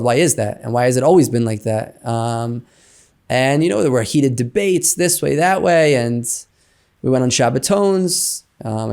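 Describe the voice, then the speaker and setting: A man in an interview, telling a personal story in a chatty, animated way with many fillers like "you know". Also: mid-range voice, creaky. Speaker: interview guest.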